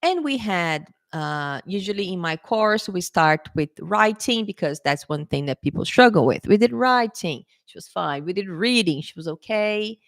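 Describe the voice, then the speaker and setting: Woman English tutor, casual storytelling to camera, animated, lowish voice, dry close sound. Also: moderate pace, few pauses, dry recording. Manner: chatty, animated, laughs often, acts out quotes. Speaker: English teacher.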